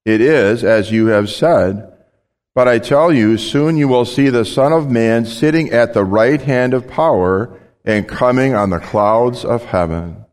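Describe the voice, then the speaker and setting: A man voicing Jesus as a calm grown teacher, read in a plain steady way. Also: medium pitch, measured pace, big-room sound, natural voice.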